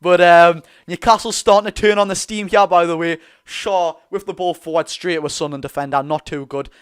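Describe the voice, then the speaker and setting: A young man with a Geordie accent hosting a live football watch-along, chatty and excitable, bursting into loud reactions. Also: high voice, fairly quick, clear, resonant tone. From North East England. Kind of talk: live fan commentary.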